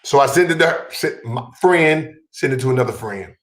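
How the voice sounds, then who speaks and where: Male podcast host, swearing, loud and exasperated, echoey room. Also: medium pitch, fairly quick. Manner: exasperated, loud comic outbursts. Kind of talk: profane casual storytelling.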